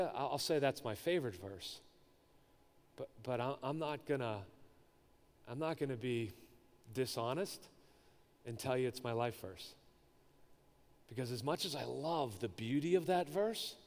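A man preaching to a congregation in a talky, conversational way, full of restarts and questions thrown out to the room. His voice sits a little high for a man. It rings with a long reverb from a large hall. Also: fairly bright tone. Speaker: pastor. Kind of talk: sermon.

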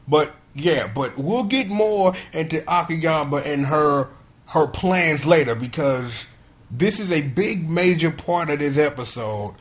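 A man's voice: fairly high pitch, expressive, unhurried. A man giving a casual, joking video review of a kids' superhero episode in heavy slang. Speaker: show reviewer.

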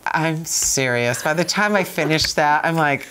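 A woman in her fifties with a slightly low voice tells stories as an interview guest. She speaks in a casual, animated way and retells events dramatically, stammering and repeating words as she goes. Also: measured pace, clean tone. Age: 50s.

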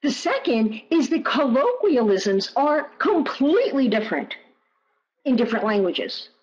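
Animated woman presenter. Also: sits high, measured pace. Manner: animated, emphatic, repeats key phrases. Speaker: guest presenter. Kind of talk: webinar Q&A answer. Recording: muffled online audio.

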